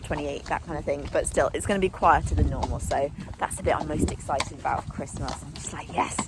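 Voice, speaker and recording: A young woman with a fairly low voice chats casually to camera about her day at the stables. She talks in a friendly, self-mocking way. The outdoor recording has clear noise behind her. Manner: chatty, warm-hearted, laughs at herself. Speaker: riding instructor and vlogger. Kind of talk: casual vlog chat to camera.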